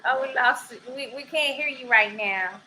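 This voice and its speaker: A woman with a Southern accent co-hosting a casual podcast chat, lively and quick to laugh as she reads out viewer comments. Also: sits high, rough recording. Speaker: podcast co-host.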